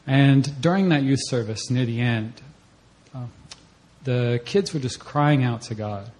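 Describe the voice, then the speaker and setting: A young man giving a personal testimony at a church service, telling the story in a conversational way and acting out his own reactions in a voice that jumps up high. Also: a little slow, darkish tone. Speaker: church member giving a mission-trip testimony.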